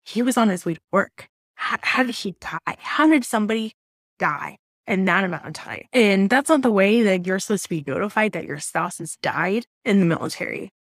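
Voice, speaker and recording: A woman's voice: medium pitch, lively intonation, dry recording, studio quality. Candid, emotional woman in her thirties. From Southwest Florida, USA. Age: 30s. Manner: candid and emotional, halting restarts, blunt swearing. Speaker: interview guest. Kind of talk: personal storytelling in a podcast interview.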